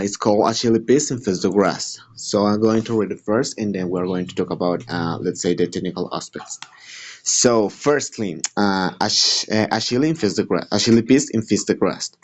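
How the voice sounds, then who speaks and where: A man's voice: lowish voice, a little mellow. Hesitant young man, English. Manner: halting, hesitant, full of "uh" fillers. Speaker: student presenter. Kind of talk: recorded class presentation.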